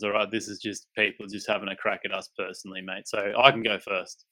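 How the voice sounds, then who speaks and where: A young Australian man co-hosting a podcast in a relaxed, joking way, often calling his co-host "mate". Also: fairly low pitch, brisk, low-quality recording. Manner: laid-back, says "mate" often, jokey. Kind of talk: casual chat.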